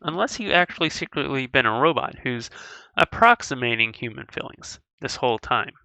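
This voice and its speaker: A woman voicing a goofy, caring dad in video game dialogue read aloud, earnest and a little fumbling with gentle jokes. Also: very deep voice, expressive, normal speed, dry recording, full character voice. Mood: advising.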